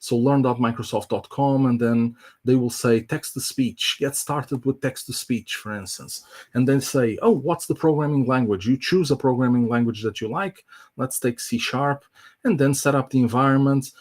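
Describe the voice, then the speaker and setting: A man's voice: medium pitch, moderate pace, darkish tone. A man presenting a live online tech demo, explaining in a casual, filler-heavy way.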